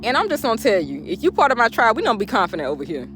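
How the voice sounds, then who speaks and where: A woman motivational speaker, talking outdoors in an animated, laughing vlog pep talk. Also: fairly high pitch, rapid-fire, background noise. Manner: animated, laughing often, talking straight to viewers. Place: outdoors, birds in background.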